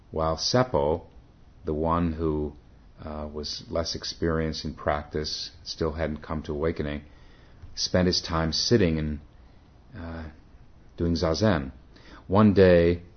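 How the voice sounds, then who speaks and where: A man, a Zen teacher, telling a story in a dharma talk, pausing often and correcting himself. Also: low voice. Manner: halting, self-correcting. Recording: dull lo-fi recording.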